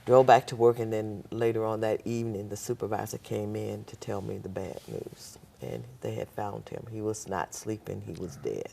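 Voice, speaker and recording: A woman's voice: a bass voice, moderate pace, vocal fry, few pauses, warm tone, slight background noise. An older woman, a guest on a talk show, telling a personal story and acting out the voices of the people in it.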